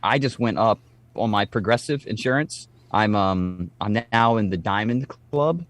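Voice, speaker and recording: Animated, swearing man telling stories. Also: on the low side, normal speed, no room sound. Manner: animated storyteller, swears freely. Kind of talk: casual chat.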